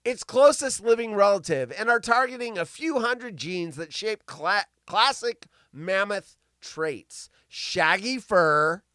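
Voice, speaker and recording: A man's voice: high-pitched, expressive, unhurried, hardly any pauses, a bit bright, clean tone, no room sound, clean studio sound. A male host telling crude, self-mocking stories and riffing on the news on a live comedy show.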